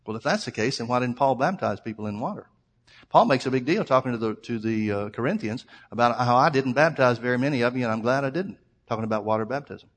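A man's voice: medium pitch, fast. A man preaching a sermon to his congregation, reading scripture aloud and explaining it verse by verse. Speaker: pastor. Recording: long hall reverb.

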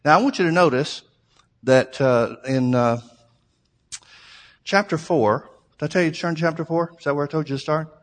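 A man's voice: fairly high pitch, normal speed, pauses often, in a large hall. A man preaching a sermon, teaching through a Bible passage in a conversational way and asking rhetorical questions.

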